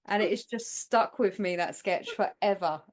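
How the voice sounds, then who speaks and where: A woman on a casual film podcast, speaking at an everyday pitch. She tells stories with plenty of animation and slips into laughter easily. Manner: animated storyteller, quick to laugh. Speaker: podcast co-host.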